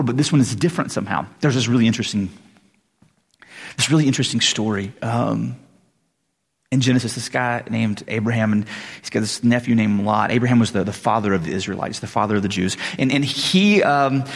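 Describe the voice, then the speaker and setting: A man preaching in a loose, conversational way, slipping into quick voices for the people in his stories. His voice is gravelly and a little husky, and a long reverb from a large hall trails behind every phrase. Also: medium pitch. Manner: conversational, animated, acts out voices. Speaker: pastor. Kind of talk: casual sermon.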